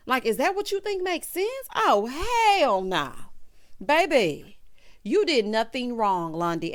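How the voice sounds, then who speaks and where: A woman's voice: mid-range voice, fairly bright tone. A woman giving a casual, sassy show recap, talking bluntly and directly to her viewers. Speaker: vlogger reviewing a TV show.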